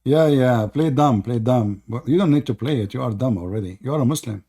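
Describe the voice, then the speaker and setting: A man's voice: mid-range voice, fairly quick, mellow, breathy edge. A man hosting a live debate stream, talking in a sarcastic, laughing, sing-song taunting way, nearly losing his voice after hours of talk. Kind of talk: mocking live debate chat.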